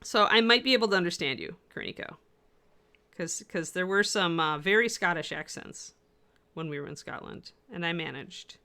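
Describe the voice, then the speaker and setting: A woman with a lowish, sharp-toned voice speaks at a moderate pace while co-hosting a miniature painting livestream. She chats and rambles casually, full of fillers, as she reads out and answers viewer comments.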